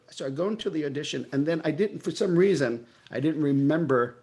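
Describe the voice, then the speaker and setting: A middle-aged man with a New York accent, telling stories in an interview and acting out his own past dialogue with lively energy. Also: fairly high pitch, fast talker, few pauses. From Brooklyn, New York. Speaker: guest. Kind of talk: storytelling in a casual interview.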